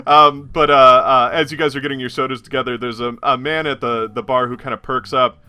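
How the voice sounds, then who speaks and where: A man's voice: mid-range voice, very animated, moderate pace, pushed and bright. A man running a tabletop role-playing game as game master, rambling with many fillers and frequent laughs.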